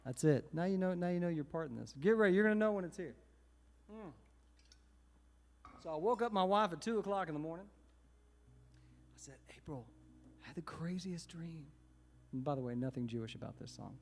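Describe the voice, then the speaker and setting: A man from Texas, a musician chatting and joking quickly between songs at a service concert in a synagogue sanctuary. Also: sits high, vocal fry. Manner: relaxed, joking, quick, folksy. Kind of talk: stage patter between songs. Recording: long reverb in a large hall. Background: guitar.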